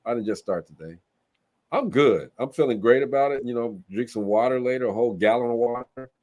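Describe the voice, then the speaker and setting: A man's voice: mid-range voice, brisk, darkish tone. A man hosting a live online telethon, chatting casually and joking in slang with his co-hosts over a video call. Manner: laid-back, joking, slangy. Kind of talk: casual banter on a livestream.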